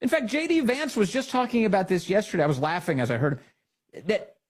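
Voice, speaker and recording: A man's voice: high-pitched, very animated, brisk. A man hosting a political talk show, delivering indignant commentary full of sarcastic rhetorical questions.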